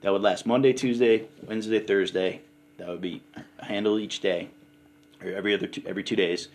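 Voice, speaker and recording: A man's voice: on the low side, fairly even intonation, a little fast. A man in casual conversation, telling a personal story in an earnest, rambling way, often saying "you know" and "man". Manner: candid and emotional in tone. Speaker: podcast guest sharing his recovery story. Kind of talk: casual chat.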